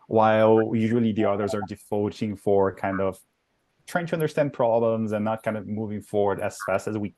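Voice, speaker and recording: A man on a panel, energetic and fluent, hedging his lines with "kind of" and "really". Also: fairly low pitch. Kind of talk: panel discussion.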